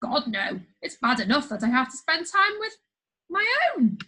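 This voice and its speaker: A woman's voice: sits high, sing-song, moderate pace, bright, forceful tone, heavily acted. A woman doing a shrieking, pompous prime minister. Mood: scornful.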